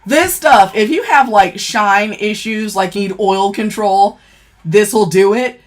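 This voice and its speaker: A woman's voice: medium pitch, measured pace. A woman giving a casual makeup product review, blunt and profane, who keeps checking in with "okay?". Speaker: beauty vlogger.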